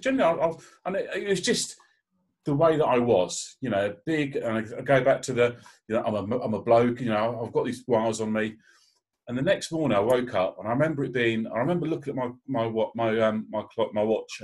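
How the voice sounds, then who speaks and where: A man's voice: medium pitch, brisk, darkish tone. A man, likely in his thirties, speaking as a guest on a panel, telling a candid personal story with emotion and frequent restarts.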